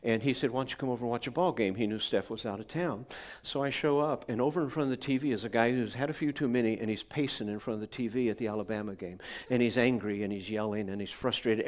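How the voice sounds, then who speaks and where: A man's voice: fairly low pitch, fast, hardly any pauses. A male pastor, telling stories in a chatty sermon and asking his congregation questions. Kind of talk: conversational sermon storytelling. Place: church gathering.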